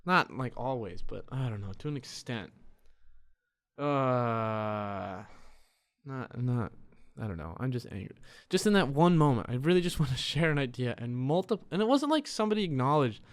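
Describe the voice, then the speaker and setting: A young man hosting a solo podcast, rambling in a frustrated, profane way with many restarts, talking quietly in a dark room. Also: medium pitch, big pitch swings, normal speed. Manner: tends to talk quiet. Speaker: podcast host.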